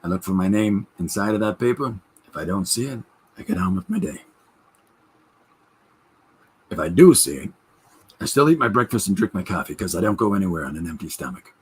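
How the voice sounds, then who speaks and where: A man doing a deadpan impression of a very old male comedian telling a dry joke. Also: low-pitched, fairly quick, long pauses, slightly rough, exaggerated voice. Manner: deadpan storytelling.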